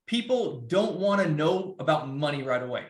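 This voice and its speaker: A man's voice: fairly high pitch, lively intonation, moderate pace, echoey room. A man speaking in a loose, rambling way, with many restarts, as a guest speaker. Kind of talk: casual presentation.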